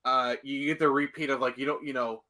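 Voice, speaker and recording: A man's voice: mid-range voice, steady tone, fairly quick, pushed and bright. A man co-hosting a podcast in casual chat, rambling with constant fillers. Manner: rambling, heavy fillers like "like" and "you know". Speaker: podcast co-host.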